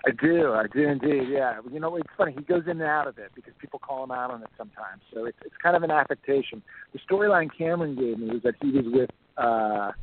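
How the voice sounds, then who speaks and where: A man's voice: medium pitch, slight background noise. A man from Texas, an actor, chatting as a guest in a casual interview, rambling with plenty of fillers. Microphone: phone call. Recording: tinny phone line.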